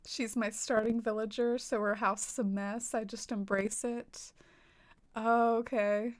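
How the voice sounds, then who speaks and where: A woman from the American South with a light, easy twang, chatting with her viewers while she plays a game. Her voice sits a little high, and her talk is loose and giggly, full of "like" and small laughs. It sounds close to a desk microphone. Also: level tone, a little slow. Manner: chatty, giggly, filler-heavy with frequent "like". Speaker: game streamer. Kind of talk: casual stream chat, reading viewer comments.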